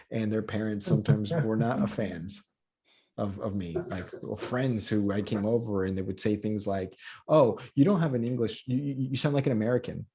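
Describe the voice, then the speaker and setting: A man's voice: fairly low pitch, a little mellow, slightly rough. A man from Colombia who grew up in the U.S., speaking as a comedian guest on a podcast in casual conversation. He talks with passion and repeats words as he builds a point.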